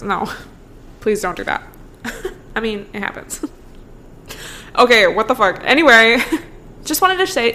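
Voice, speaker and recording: A woman's voice: medium pitch, fairly bright tone. A young woman in her twenties hosting a solo podcast, talking casually with lots of "like", swearing freely and laughing often. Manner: chatty, profane, full of "like", laughs often. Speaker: podcast host.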